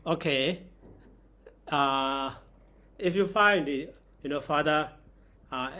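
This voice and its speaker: A man's voice: mid-range voice, fairly bright tone. A man, a monk teacher giving a grammar lesson and explaining it step by step.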